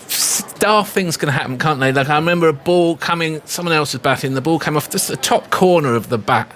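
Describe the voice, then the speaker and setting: A man's voice: a little high, fairly quick, fairly bright tone, a little hiss or hum. A man from England, a comedian guest, telling anecdotes in a casual interview chat. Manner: anecdotal, chatty storytelling.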